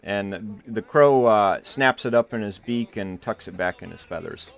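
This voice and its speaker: Speaking a little slowly in a fairly low pitch, this game master from Iowa narrates a tabletop game livestream. Expect rambling, lots of fillers, and playful character voices, heard through muffled audio with faint music.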